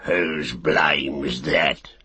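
Man doing a gruff hulking orc soldier. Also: very deep voice, steady tone, extremely slow, bright, forceful tone, dry recording, pitched below the performer's own voice, full character voice. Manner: gruff, threatening. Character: big brutish male fighting orc soldier, bullying.

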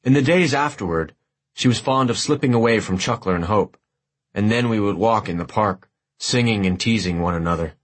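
A man reading a war memoir aloud as an audiobook narrator, in a measured, literary and wry way. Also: lowish voice.

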